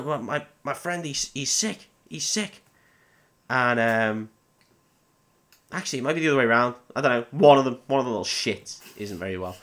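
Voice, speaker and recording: A man's voice: medium pitch, fairly bright tone. A man hosting a podcast, giving a casual, sweary, rambling film recap and laughing often. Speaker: podcast host.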